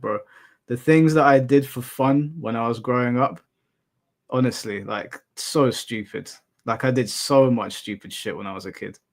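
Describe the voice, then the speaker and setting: Chatty young man hosting a stream. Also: medium pitch. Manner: rambling, anecdotal, casual swearing. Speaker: live stream host. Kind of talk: casual chat with viewers.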